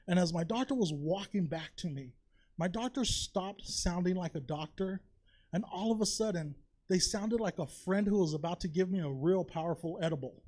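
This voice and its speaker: A man's voice: high-pitched, moderate pace, darkish tone. A man doing a chatty, confessional stand-up set on a comedy theater stage, tossing in "you know?" and "right?" all the time.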